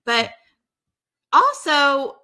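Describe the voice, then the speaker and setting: Woman, high and bright voice, lively storyteller for casual chat. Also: very slow. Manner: animated storytelling, acting out quotes. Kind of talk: casual chat recapping a reality show.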